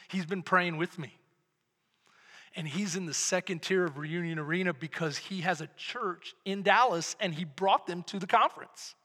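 A middle-aged man preaching a sermon as pastor, building from quiet storytelling to loud shouted preaching. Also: high voice. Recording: long hall reverb.

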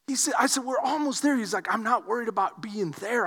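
A man from Houston preaching a sermon, telling a story that swings from quiet asides to shouted emphasis. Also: extremely high pitch, fast, slightly rough, big-room sound. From Houston, Texas. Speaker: pastor.

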